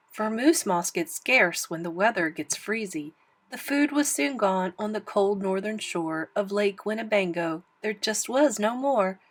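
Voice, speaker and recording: Brief: woman storybook reader, slow and expressive, mid-pitched. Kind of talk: reading a rhyming picture book aloud.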